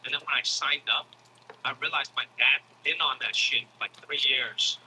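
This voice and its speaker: A man telling a comic story in a casual, animated style, swearing freely and acting out other people's voices. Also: medium pitch, moderate pace, slight background noise, rough recording. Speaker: comedian. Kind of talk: stand-up comedy storytelling.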